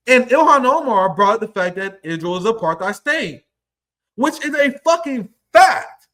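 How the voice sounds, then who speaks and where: A man's voice: very high voice, very animated, normal speed, sharp tone. A young man giving heated, profane political commentary, combative and mocking as he reacts to clips.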